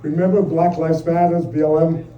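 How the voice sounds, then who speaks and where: A man's voice: fairly high pitch, level tone, moderate pace, dull audio, slight background noise. An older man doing a stand-up set, telling profane, exasperated stories about married life. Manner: brash, profane, exasperated storytelling. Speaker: stand-up comedian. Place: comedy club stage. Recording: roomy live club sound from a distant mic. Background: audience laughter.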